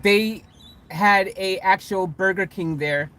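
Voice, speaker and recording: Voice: mid-range voice, takes it slowly, fairly bright tone. A vlogger telling a story casually from inside a van, rambling, correcting himself mid-sentence and chuckling along the way.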